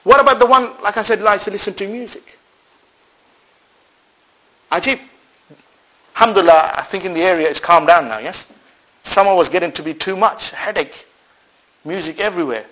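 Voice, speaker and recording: This male Islamic preacher's voice sits high, moving at normal speed and pausing often, on a rough recording. Speaking to a live audience, he's animated, swinging between loud and soft, and answers his own rhetorical questions while weaving in Arabic religious phrases.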